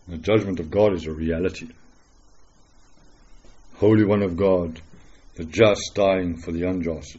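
A man preaching a dramatic, earnest sermon full of rhetorical questions, swinging between loud declarations and hushed words. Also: low voice, slightly rough, muffled recording.

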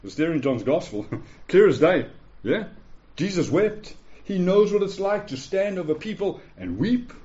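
A man's voice: high voice, very animated, a little slow, mellow. A man preaching a sermon in an earnest, pleading way, often asking his listeners "yeah?". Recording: dull lo-fi recording.

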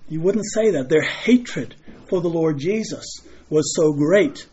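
A man's voice: on the high side, animated, measured pace, mellow, slightly rough. A man preaching a sermon in an earnest way, often restarting and repeating phrases. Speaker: pastor. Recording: muffled lo-fi recording.

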